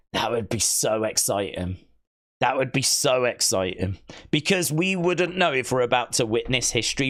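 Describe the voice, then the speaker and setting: A man hosting a live stream, reading viewer comments aloud in casual, playful chat and teasing them, often leaping into a high mock-outraged voice. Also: fairly bright tone. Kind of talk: casual watch-along chat.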